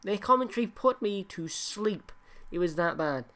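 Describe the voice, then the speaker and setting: A woman co-hosting a podcast, talking in a casual, halting way, blunt and sweary, often restarting her sentences. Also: mid-range voice, lively intonation, fairly bright tone. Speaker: podcast co-host. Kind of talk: casual chat.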